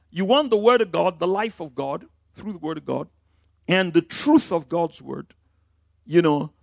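Emphatic preacher, lively pitch. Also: male voice, creaky, no echo, clean studio sound. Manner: emphatic preaching with wide swings in loudness. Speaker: pastor. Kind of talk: sermon.

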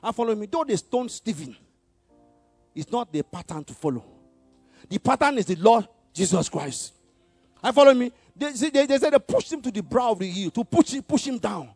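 A man preaching a sermon in call-and-response style, having the congregation repeat lines, shifting between loud exhortation and quiet asides with frequent chuckles. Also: very high voice, animated, normal speed, slightly rough, no room sound, soft background music.

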